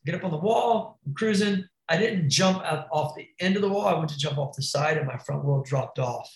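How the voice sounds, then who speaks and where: A man with a somewhat high voice tells a gnarly crash story in loose, animated slang, peppered with bro, dude and curses. His voice rings in a roomy, echoey space. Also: brisk, creaky. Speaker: podcast guest, BMX rider. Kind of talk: casual storytelling.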